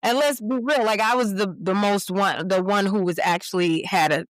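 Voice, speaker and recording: A woman's voice: mid-range voice, moderate pace, dry recording. A woman actress, a guest who speaks expressively and swoops into playful voices in a casual chat. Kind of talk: casual conversation.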